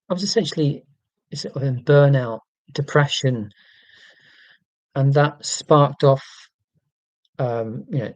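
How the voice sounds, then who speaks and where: A man's voice: medium pitch, darkish tone, dry recording, low-quality recording. A man hosting a casual livestream, reading out viewer comments and talking in an earnest, rambling, self-deprecating way with many ums and restarts. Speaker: livestream host.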